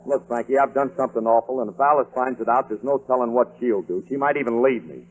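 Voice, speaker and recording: A man's voice: medium pitch, quick pace, rough recording. A man hosting a 1940s radio comedy, flustered, sheepish and blustery as he talks his way out of trouble. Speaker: comedy show host. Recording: old radio broadcast with music.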